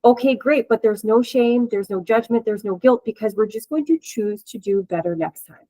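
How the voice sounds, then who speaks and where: A woman's voice: a little high, moderate pace, mellow, no room sound, low-quality recording. A woman hosting an interview and chatting casually as a coach, with a chatty, laughing manner and many fillers. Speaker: host and coach.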